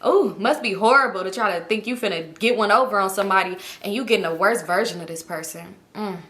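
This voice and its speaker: Woman vlogger spilling a storytime, slangy and animated, bright sharp voice. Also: medium pitch, fast. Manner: animated, slangy, acts out every quote. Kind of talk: casual storytelling to viewers.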